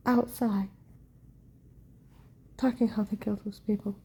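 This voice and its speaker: A woman telling a personal account in a rambling monologue, often dropping to a hushed whisper, with fragmented, repetitive phrasing. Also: medium pitch, steady tone, measured pace, long pauses, husky.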